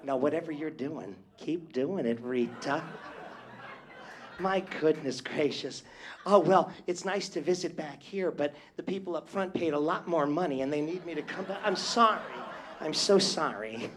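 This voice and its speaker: A man's voice: on the high side, moderate pace. Flamboyant man teasing his audience. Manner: flamboyant and teasing, with constant endearments. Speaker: stage entertainer working the crowd. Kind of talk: live stage banter with the audience. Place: live venue with an audience.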